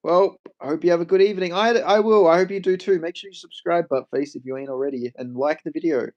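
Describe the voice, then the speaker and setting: A man's voice: a little high, steady tone, quick pace, darkish tone, lo-fi sound. A young Australian man on a casual livestream, joking, swearing freely and answering his chat. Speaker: MMA streamer.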